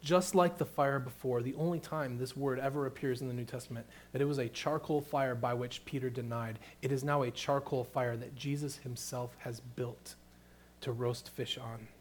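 A middle-aged man preaching a sermon, moving between hushed, tender passages and loud, emphatic questions. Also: mid-range voice, steady tone, normal speed, slight background noise. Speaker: pastor.

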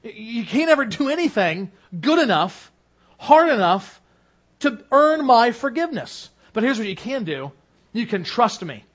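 High-voiced earnest male preacher. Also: very animated, unhurried. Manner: earnest preaching, swelling louder on key lines then dropping low. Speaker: pastor. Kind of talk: sermon.

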